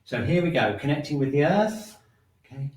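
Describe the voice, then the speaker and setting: A man teaching a shiatsu and qigong class, calmly cueing breathing and movement and checking in with "okay?" as he goes. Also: fairly high pitch, brisk. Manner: calm, repetitive cueing with frequent "okay?" check-ins. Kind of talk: guided breathing exercise class. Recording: roomy sound, mic at a distance.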